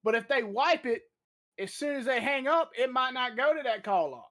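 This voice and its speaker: A podcast host telling a story in a casual, profane, animated way, explaining things step by step to a co-host. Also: high voice, moderate pace.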